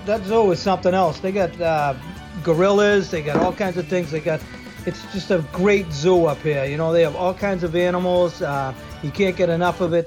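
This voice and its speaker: A man's voice: sits high, lightly acted. A man doing a comic Boston-accented sports-fan character on a radio show, rambling and folksy, boastful about his hometown teams. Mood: enthusiastic. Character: brash Boston sports-fan guy, middle-aged man.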